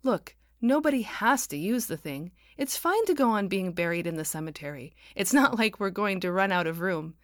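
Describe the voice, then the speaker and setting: A patient, idealistic woman explains things in an earnest storybook voice, read by a woman. Her tone is kindly and even, recorded dry. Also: medium pitch, normal speed, few pauses, no room sound, close to an everyday voice.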